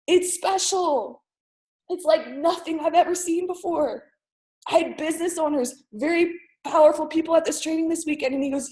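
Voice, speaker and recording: A young woman with a high voice rallies her team over a call, leaning on repetition to drive each point home. Her talk is loose and chatty, full of "like", but fervent underneath. The sound is plain call audio from a home mic. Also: darkish tone. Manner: emphatic, repeats lines for effect, heavy use of "like". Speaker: team leader on a sales team call. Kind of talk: motivational pep talk on a group call. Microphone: call audio from a computer or phone mic.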